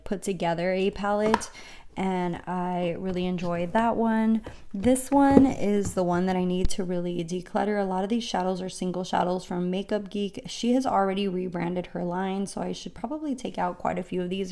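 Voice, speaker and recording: A woman's voice: lowish voice, creaky, background noise. A woman vlogging casually at home, chatting through her collection item by item with many ums and uhs. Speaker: beauty vlogger. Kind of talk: casual show-and-tell walkthrough. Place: home room with storage drawers.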